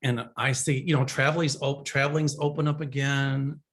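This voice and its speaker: A man's voice: mid-range voice, little pitch movement, moderate pace, a bit bright. A man hosting a psychic show, answering viewer questions in a rambling, casual monologue full of fillers.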